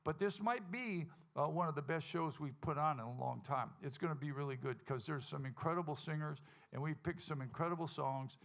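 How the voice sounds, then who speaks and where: A man, hosting a country music show from the stage. His voice sits a little high and has a gravelly edge. He tells an animated, folksy story and acts out every quoted line. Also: a little fast, hardly any pauses. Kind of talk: storytelling to a live audience. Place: live music venue stage.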